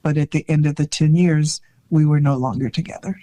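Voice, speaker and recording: An older woman, a guest in an interview, telling stories in a lively way and acting out what people said. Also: sits low, fairly quick. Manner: animated storyteller who acts out quoted dialogue. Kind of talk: storytelling in a conversational interview.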